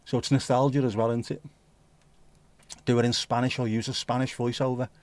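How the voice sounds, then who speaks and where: A man's voice: medium pitch, little pitch movement, brisk, darkish tone, no echo. A man with a Scouse accent hosting a livestream, chatting casually in a rambling, jokey, sweary way. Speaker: livestream host. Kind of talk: casual chat.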